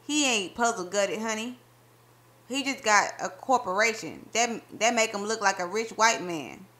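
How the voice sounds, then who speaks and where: A woman's voice: mid-range voice, animated, normal speed, a bit bright, natural voice. A woman reading aloud as a boastful young husband, bantering playfully in folksy dialect. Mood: teasing.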